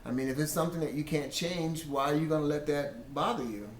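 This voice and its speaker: A man with a slightly high voice tells a faith story about his marriage in an earnest, storytelling way. He quotes himself and his wife as he goes. The room is echoey, with a faint hum of ambience behind him. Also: a little fast. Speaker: husband sharing testimony. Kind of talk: casual Christian testimony.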